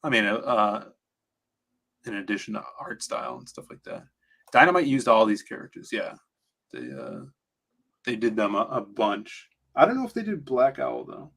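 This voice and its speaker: A man co-hosting a casual talk stream, rambling as he flips through comics, his voice slightly hoarse. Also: fairly low pitch, sing-song, moderate pace, fairly bright tone. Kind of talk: casual chat.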